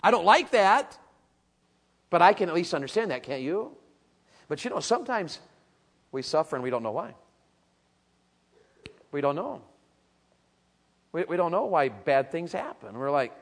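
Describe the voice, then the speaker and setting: A man preaching a sermon, telling a story with animated energy, asking the crowd questions and building to shouts. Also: sits high, normal speed, long pauses, long reverb tail. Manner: asks the audience questions.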